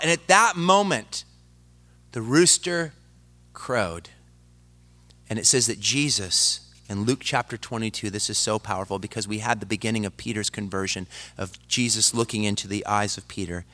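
A male preacher delivering a dramatic sermon that swings from loud to hushed and speaks straight to the congregation. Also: fairly low pitch, moderate pace. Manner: addresses the congregation directly.

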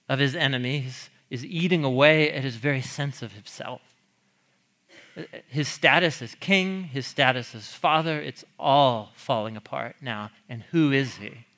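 A man's voice: fairly high pitch, pushed and bright. A man teaching a sermon on a psalm in a chatty, questioning way, laughing often and asking the audience questions. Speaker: pastor.

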